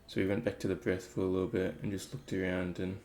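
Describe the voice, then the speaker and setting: A man's voice: low voice, completely flat delivery, fast talker, a little mellow. A man thinking aloud in a casual, reflective talk about meditation, rambling with many fillers. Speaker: meditation vlogger.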